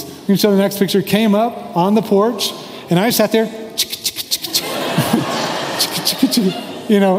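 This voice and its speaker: Male pastor, slightly high mellow voice, relaxed storyteller with jokes, long hall reverb. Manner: relaxed storytelling with joking asides. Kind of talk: sermon.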